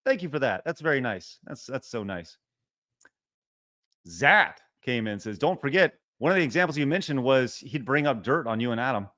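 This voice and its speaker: Man streaming, lively swooping voice, bright and forceful, mock-refusing donations, reading chat aloud. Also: medium pitch, moderate pace. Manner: mock-protesting, animated, reads donor messages aloud. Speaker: streamer reading super chats. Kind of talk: casual livestream chat.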